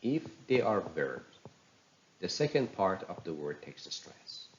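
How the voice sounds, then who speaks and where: A man teaching English pronunciation, reading practice words slowly and clearly for learners to repeat. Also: low voice, sing-song, lo-fi sound. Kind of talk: slow teaching with drills.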